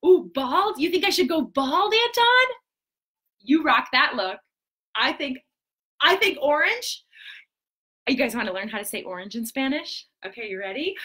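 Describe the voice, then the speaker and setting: A woman entertaining preschoolers on a home live stream, swooping all over a high, bright voice. She talks in a sing-song way, with gasps and quick asides. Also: very animated. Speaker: children's entertainer host.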